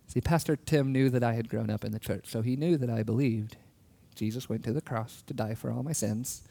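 Male preacher, gravelly low-toned voice, earnest and personal; lingers on key words. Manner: earnest, personal storytelling with soft laughs; slows down to stress key words. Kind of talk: sermon.

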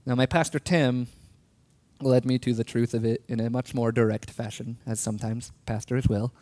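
A man giving a sermon, telling a personal story in an earnest way with soft laughs, and slowing down to stress key words. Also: medium pitch, steady tone, no echo. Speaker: preacher.

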